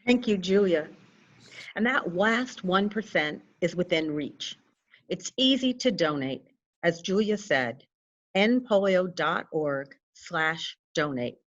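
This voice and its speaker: A woman moderating a livestream, introducing the next speaker in a brisk, practical way. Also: on the low side, lively intonation, a bit bright, highs cut off.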